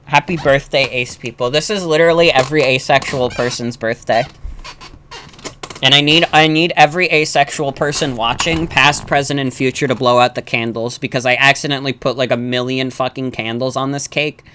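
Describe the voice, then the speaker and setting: A man's voice: mid-range voice, steady tone, brisk, sharp tone, a little hiss or hum. A man giving casual, joking, self-deprecating commentary while streaming a game. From New York.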